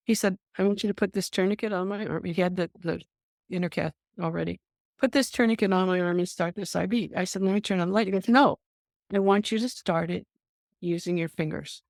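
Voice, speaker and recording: An older woman, a nurse, telling stories in an interview. She is an animated storyteller who acts out the voices she quotes and often says "um". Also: lowish voice, vocal fry, dry recording, clean studio sound. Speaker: nurse guest.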